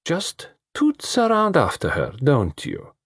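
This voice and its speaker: A man's voice: medium pitch, big pitch swings, measured pace, husky, no echo, clean studio sound, voice pushed up, heavily acted. A man voicing a languid, bored young woman with a lazy, teasing drawl. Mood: mocking.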